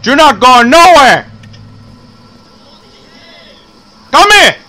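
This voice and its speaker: A man's voice: mid-range voice, lively intonation, a little slow. A man voicing a hot-tempered gangster boss while commentating gameplay, with broken, profane threats. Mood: shouting. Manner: broken English, profane threats, shouting bursts. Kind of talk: in-character game commentary.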